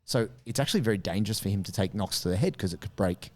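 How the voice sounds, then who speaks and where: A man's voice: lowish voice, rapid-fire. A man co-hosting a podcast, telling a story in casual chat with lots of acted-out voices. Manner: animated, acts out voices in quotes. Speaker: podcast co-host.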